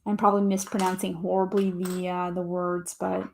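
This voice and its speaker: A woman's voice: on the low side, little pitch movement, normal speed, vocal fry, a little hiss or hum. Upbeat woman hosting a livestream. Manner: upbeat, reads viewer comments aloud. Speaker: livestream host. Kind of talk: casual livestream chat.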